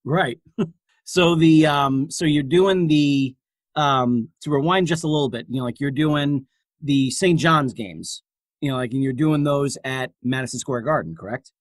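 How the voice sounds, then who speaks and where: A man's voice: mid-range voice, measured pace, no echo. Casual male podcast host, dry sound. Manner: casual, filler-heavy questions. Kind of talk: casual interview.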